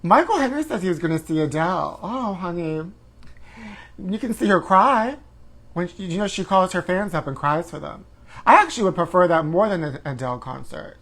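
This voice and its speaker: A man's voice: high voice, expressive, moderate pace, fairly bright tone. A man hosting a comedic gossip show, campy and sassy, calling listeners honey. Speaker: host. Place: home livestream.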